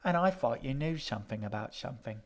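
A man's voice: mid-range voice, lively intonation, fast. A man voicing a sardonic, shifty young guide with a dry, sarcastic delivery.

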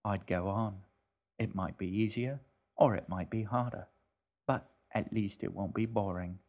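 A man's voice: on the low side, a little slow, darkish tone. A man reading the lines of a wry, impatient boy in an audiobook. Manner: offhand, wry.

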